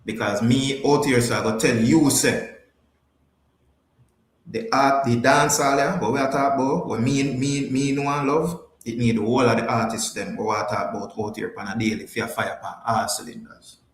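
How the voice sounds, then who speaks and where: A man with a Jamaican accent holds forth on his podcast in a casual, emphatic way, circling back to the same phrases. His voice sits at an ordinary middle pitch. The room around him has a noticeable echo. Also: fairly even intonation, moderate pace. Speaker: podcast host. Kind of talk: casual livestream chat, answering viewers.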